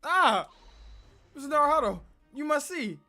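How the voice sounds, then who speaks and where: A prim, earnest young woman, as a man puts her on for a game. Her speech is formal and careful, and her voice sits high with lively rises and dips. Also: a little slow, soft background music, heavily acted. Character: polite earnest young female assistant.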